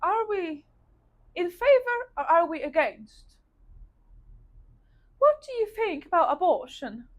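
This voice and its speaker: A woman's voice: extremely high pitch, big pitch swings, slow pace, pauses often, voice pushed up, heavily acted. A woman quoting a male professor putting questions to a class. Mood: probing.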